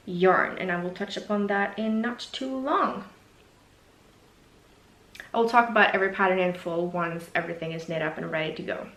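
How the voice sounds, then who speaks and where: A woman's voice: mid-range voice, fairly bright tone. A woman, a knitwear designer hosting a casual video podcast, chatting in a gushing, enthusiastic and self-deprecating way. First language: Norwegian. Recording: echoey room.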